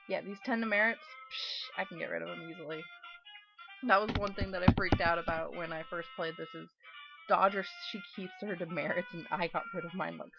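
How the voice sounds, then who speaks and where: Brief: woman gamer with a gravelly edge, reading story text and chatting, music under a dull recording. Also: fairly low pitch, fairly even intonation, brisk. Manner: chatty, wry asides between read lines. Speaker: let's play gamer reading a visual novel aloud. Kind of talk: reading game text aloud with casual commentary.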